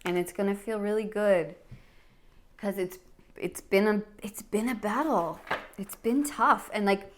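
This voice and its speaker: A woman's voice: mid-range voice, a little slow. A woman giving a pick-a-card tarot reading, talking in an earnest, emotional way with many fillers and restarts. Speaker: tarot reader.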